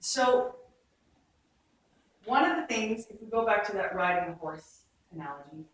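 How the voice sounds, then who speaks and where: A woman's voice: medium pitch, expressive, normal speed. A woman teaching an acting workshop, explaining Shakespeare's verse in a chatty way and acting out lines as examples. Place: rehearsal room. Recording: echoey room, far from the mic.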